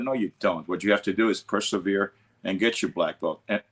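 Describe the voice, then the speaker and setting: A martial arts instructor with an Italian accent, rambling in casual chat with lots of fillers and laughs. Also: male voice, low voice, a little fast, fairly bright tone.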